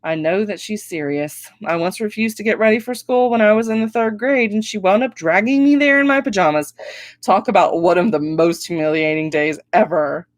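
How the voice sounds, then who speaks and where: A woman reading her own novel aloud with expressive first-person storytelling. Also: medium pitch, moderate pace, no echo. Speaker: author reading her book.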